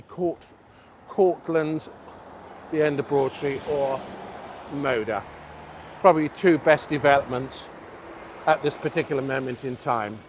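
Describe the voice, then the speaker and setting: A man's voice: medium pitch, a little hiss or hum. A man giving a rambling, self-mocking walking tour outdoors on a city street, chatting to camera. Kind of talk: casual chat to camera.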